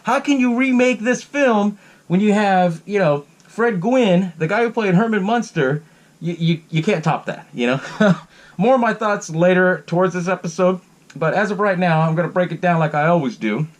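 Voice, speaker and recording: A man's voice: high-pitched, animated, normal speed. A man hosting his own podcast, giving a casual, rambling recap of a horror film, swearing freely and laughing between sentences. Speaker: podcast host. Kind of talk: casual solo movie recap.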